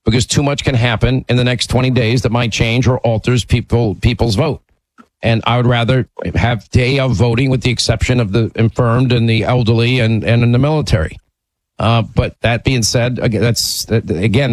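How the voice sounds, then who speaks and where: A man's voice: medium pitch, steady tone, moderate pace, no echo, low-quality recording. A man hosting a call-in talk radio show, speaking emphatically and conversationally from a studio mic.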